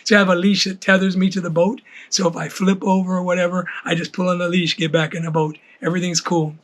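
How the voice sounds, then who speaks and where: High-voiced older comedian. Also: male voice, flat delivery. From Hawaii. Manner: rambling with halting restarts. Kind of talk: stand-up routine.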